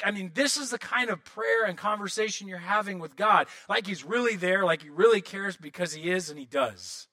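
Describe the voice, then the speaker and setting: A man in his thirties preaching a sermon as pastor, animated, often acting out prayers and quotes in other voices. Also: sits high, moderate pace, few pauses.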